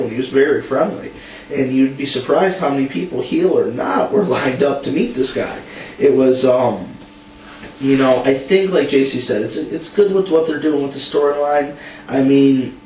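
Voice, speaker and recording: A man's voice: medium pitch, a little mellow. A young man co-hosting a casual wrestling recap, blunt and ranting, laughing often. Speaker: podcast co-host. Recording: echoey room, distant mic, faint hum.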